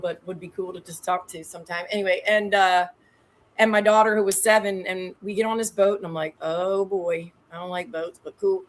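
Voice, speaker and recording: A woman in her thirties, a guest telling lively stories in a slangy, animated way with loud excited peaks. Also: mid-range voice, a little hiss or hum. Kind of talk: casual storytelling on a show.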